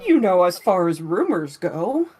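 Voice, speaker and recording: A woman voicing a flamboyant, sly and charming male shopkeeper in a tabletop game, who talks in a smooth, affectionate way. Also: fairly low pitch, big pitch swings, measured pace, warm tone, full character voice. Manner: smooth, affectionate, says darling and honey.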